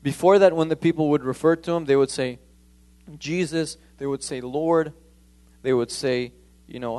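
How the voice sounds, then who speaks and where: A man's voice: on the high side, moderate pace, dark tone. Man preaching, emphatic with stammered restarts. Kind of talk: sermon.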